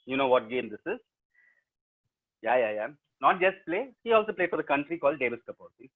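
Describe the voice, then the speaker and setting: A man's voice: medium pitch, very animated, a little fast. Playful South Indian man on a tinny call. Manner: playful, teasing, talks straight to the audience. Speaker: professional storyteller. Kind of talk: interactive storytelling webinar. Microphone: laptop mic over a video call. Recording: tinny video-call audio.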